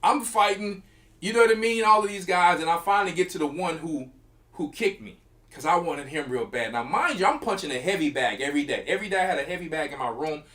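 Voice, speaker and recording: A man's voice: fairly high pitch, quick pace. A middle-aged man, telling a story in casual talk and acting out the quotes and punches. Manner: animated, acts out quotes and punches with sound effects. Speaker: church elder.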